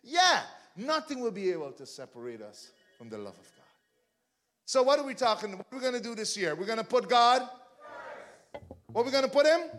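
A man preaching a sermon as pastor, building fervently to shouted refrains between joking asides to the congregation. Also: high voice, huge pitch swings, unhurried, pauses often, music in the background.

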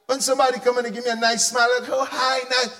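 A man preaching a sermon, animated, shouting for emphasis and asking the congregation questions. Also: very high-pitched, rapid-fire.

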